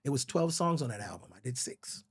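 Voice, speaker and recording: A man's voice: mid-range voice, big pitch swings, a little fast, husky. A middle-aged man from the Virgin Islands, a songwriter guest telling stories candidly and emotionally, swearing often and calling people bro. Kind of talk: casual storytelling interview.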